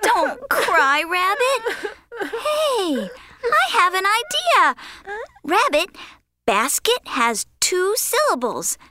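A squeaky little vole. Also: female voice, big pitch swings, very slow, background noise, full character voice. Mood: eager. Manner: eager, encouraging. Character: small helpful vole, cheerful and kind. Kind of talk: children's educational audio story.

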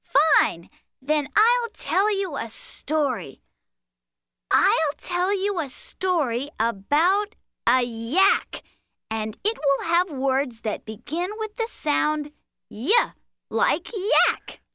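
A woman's voice: high-pitched, sing-song, drawn-out words, pushed and bright, no room sound, studio quality, heavily acted. A woman voicing a patient, playful cartoon critter who tells a bedtime story in a sing-song, coaxing manner. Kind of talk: children's cartoon voice acting.

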